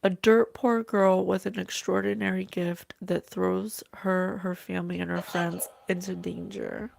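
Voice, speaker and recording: Psychic host, woman. Slow and halting, relays messages from spirit, vocal fry, dry close sound. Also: on the low side, level tone, darkish tone, dry recording. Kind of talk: thinking-aloud channeled reading.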